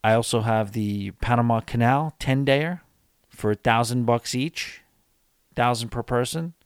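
A man chats casually on his solo podcast late at night, worn out and yawning, with lots of filler words as he rambles. He has a medium-pitched, clean voice and speaks at a measured pace, captured in a dry, studio-quality recording.

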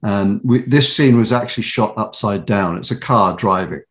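A man's voice: on the low side, moderate pace. A British man from England, a voice actor and author, telling stories in a casual interview with many restarts and laughs.

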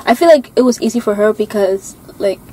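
A woman's voice: medium pitch, fairly quick, mellow, slight background noise, low-quality recording. Rambling young woman, chatty. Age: young adult. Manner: rambling, lots of fillers and laughs. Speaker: co-host. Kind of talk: casual chat.

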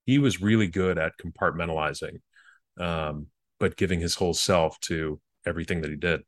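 Male guest, low-pitched, earnest and halting, recounting memories in a dry, close recording. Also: dry recording. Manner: earnest, halting with frequent restarts. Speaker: former presidential speechwriter. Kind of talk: reflective interview storytelling.

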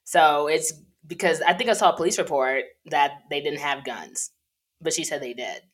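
A woman's voice: low-pitched, moderate pace. A woman co-hosting a podcast, chatting bluntly and sassily about reality TV gossip. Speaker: podcast co-host. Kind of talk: casual chat.

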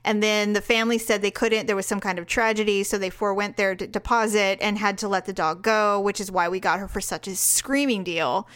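A woman co-hosting a casual talk show, telling a story with lively quoted dialogue and frequent laughter. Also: mid-range voice, brisk, hardly any pauses, smooth. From California. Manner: animated, laughs often, acts out quotes. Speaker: podcast co-host.

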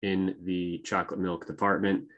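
A man co-hosting a casual podcast chat, swearing freely and animated. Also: sits low, moderate pace, dull audio. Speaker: podcast co-host.

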